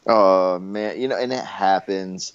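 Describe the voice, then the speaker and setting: A man co-hosting a podcast, laid-back and rambling, with lots of fillers. His voice sits low, and the sound is dull and lo-fi. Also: a little slow, clear, resonant tone. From Canada. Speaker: podcast co-host. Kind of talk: casual podcast chat.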